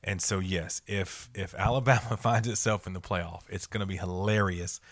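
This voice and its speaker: A man with a fairly low voice co-hosts a casual sports podcast, telling wry stories with frequent stop-and-start restarts. The sound is dry and close, with little room echo. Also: steady tone, moderate pace. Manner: storytelling, hesitant restarts, wry. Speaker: podcast co-host.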